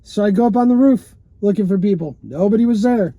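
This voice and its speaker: Guy, rambling vlog monologue from a parked car, high, mellow voice, dry close sound, lots of fillers and cussing. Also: expressive, a little fast, dry recording, lo-fi sound. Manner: loose and rambling, many fillers like "you know" and "man", swears often. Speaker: vlogger telling a personal story.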